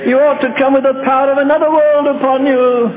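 High-voiced older man preaching fervently. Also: little pitch movement, fairly quick. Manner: fervent, pleading, tells anecdotes with put-on voices. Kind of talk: sermon. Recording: tinny old tape in a large hall with hum.

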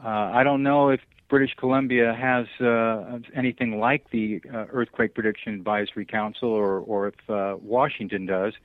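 A man being interviewed over the phone, talking earnestly and haltingly, with many fillers and restarts. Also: lowish voice, fairly even intonation, dry recording. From Southern California. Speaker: guest. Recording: dry, tinny phone line.

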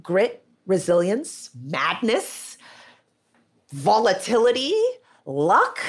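Woman, founder being interviewed: low-ish voice, wide pitch swings, emphatic storyteller, laughs and swears. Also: very animated, slow. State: near tears at times. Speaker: beauty brand founder.

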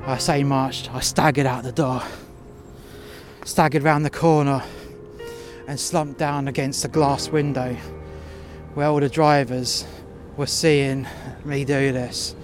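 Over music, a man of medium pitch and level tone tells an angry, profanity-heavy first-person workplace story while outdoors in sub-zero cold. His manner is blunt, and he slows down as he tires.

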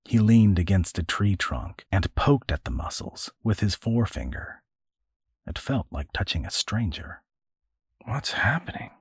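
A man with a very low, husky voice reads an adventure story. His pitch rises and falls widely to follow the action, and the recording is close and dry with no room sound. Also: sing-song, measured pace, a little mellow, no echo. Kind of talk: audiobook narration.

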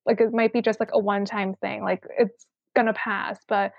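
A woman's voice: medium pitch, little pitch movement, normal speed, creaky, no room sound, dull audio. A woman chatting casually, rambling with many "like" fillers. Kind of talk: casual chat.

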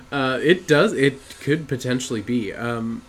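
A man's voice: mid-range voice, a little slow. A man co-hosting a podcast in casual chat, rambling and laughing through crude banter. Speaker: podcast co-host.

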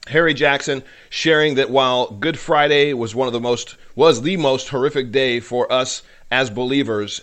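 A podcast host with a medium-pitched, slightly bright voice gives impassioned commentary about faith. The tone is preacherly and fervent, growing louder with feeling, with moments where he becomes choked up.

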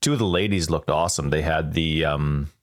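A man's voice: a bass voice, fairly quick. A man co-hosting a casual gaming podcast from home at a desk mic, talking in a rambling, chatty way. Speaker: podcast co-host. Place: home recording setup with a cat nearby. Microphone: desk microphone.

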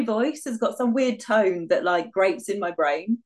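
A woman's voice: medium pitch, lively intonation, takes it slowly. A middle-aged woman chatting casually as a podcast guest, often breaking into laughter as she talks. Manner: giggly, laughs often while talking. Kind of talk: casual chat.

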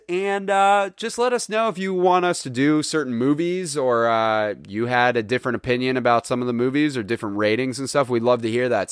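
A young man co-hosts a podcast, talking in a loose, rambling way with lots of "uh"s. His voice sits at a middling pitch and is recorded close and dry on a studio mic. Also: clean tone, no echo. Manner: relaxed, rambling with many fillers. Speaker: podcast co-host. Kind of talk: casual chat.

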